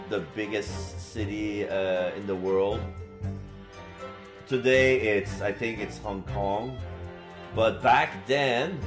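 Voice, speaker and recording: A man streaming a visual novel, chatting casually and rambling with restarts. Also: mid-range voice. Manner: rambling, many restarts and fillers. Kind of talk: casual let's-play commentary.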